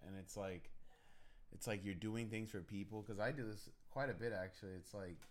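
A man's voice: sits low, moderate pace. A young man co-hosting a casual chat, hesitant and searching for his words. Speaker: podcast co-host.

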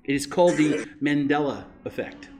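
A man's voice: a little high, normal speed, crowd noise. A male pastor preaching a sermon in a conversational way, often checking in with rhetorical questions.

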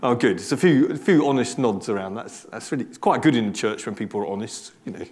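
Chatty man preaching, lively pitch. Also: quick pace. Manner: chatty, self-deprecating, many restarts and asides. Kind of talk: conversational sermon.

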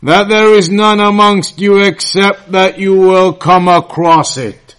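A man with a high, light voice teaches scripture at a slow, measured pace. He repeats key phrases and pauses to put questions to his listeners, as in an evening lesson. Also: steady tone, clear, resonant tone. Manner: recites Arabic quickly and quietly between English explanation. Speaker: Islamic teacher. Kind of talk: slow, deliberate religious lesson.

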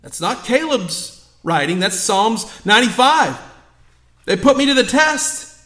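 A young man preaching a sermon as pastor, emphatic, dropping to hushed asides and rising to loud appeals. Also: high voice, sing-song, unhurried, echoey room. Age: young adult. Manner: emphatic, swings between hushed asides and raised exhortation. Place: church sanctuary.

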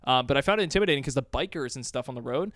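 Fast-talking young man podcast host. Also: mid-range voice, lively intonation, a bit bright, no room sound, studio quality. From Canada. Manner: rambling, laughing, playful. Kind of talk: casual chat.

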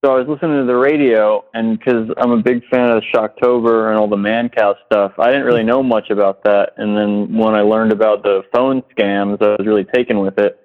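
A man calling in to a show, telling a story in a halting way with many fillers. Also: on the low side, steady tone. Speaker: caller. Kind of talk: casual storytelling on a call. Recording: tinny phone line.

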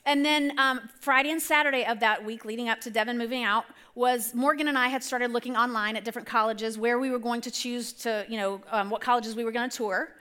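Middle-aged woman speaker, high bright voice, chatty sermon storytelling from the stage. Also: steady tone, brisk, hardly any pauses, smooth. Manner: chatty, rambling, self-correcting. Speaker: church speaker. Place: church stage.

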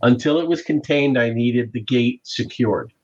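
A man plays a stern Roman commander in a tabletop game, laying out a tense situation in a measured, matter-of-fact way. His voice sits in a middling pitch. The recording is dull and lo-fi. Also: a little mellow, lightly acted. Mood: grim, businesslike. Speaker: game master voicing a character.

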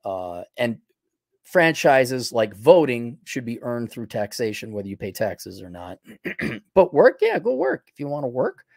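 With a creaky, sing-song, mid-range voice and an unhurried delivery, a man with a Milwaukee accent from Wisconsin hosts a podcast in the style of casual livestream commentary. He reads viewer donations and responds bluntly and opinionatedly, slipping into mock voices, with clean, echo-free studio audio.

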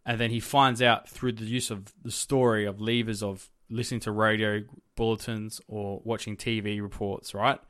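A man's voice: fairly low pitch, level tone, moderate pace, few pauses, a bit bright, smooth, dry recording, studio quality. Rambling man in casual film chat. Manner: rambling, searching for words with many fillers. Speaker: podcast co-host.

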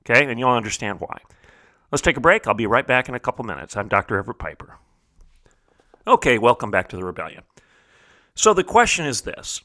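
Emphatic talk show host, bright tone. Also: male voice, mid-range voice, big pitch swings, a little fast, long pauses, no room sound. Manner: emphatic, preacherly, rhetorical questions.

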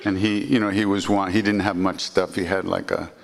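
Brief: low-voiced man narrating anecdotes casually, with a long reverb around him. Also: flat delivery, fairly quick, creaky. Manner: rambling, warm storytelling with restarts and "you know". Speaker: podcast host, storyteller. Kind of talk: casual spoken storytelling.

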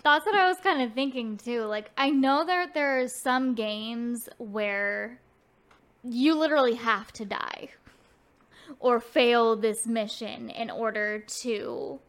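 A young woman chatting casually about video games, relaxed and full of fillers. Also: a little high, slow. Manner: relaxed, filler-heavy, drawn out.

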